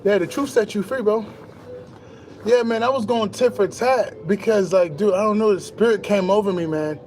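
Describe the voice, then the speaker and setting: Boastful high-voiced man ranting about truth. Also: normal speed, slight background noise. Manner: boastful, animated street slang, swears freely; laughs between lines. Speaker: spiritual vlogger. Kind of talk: casual monologue to camera.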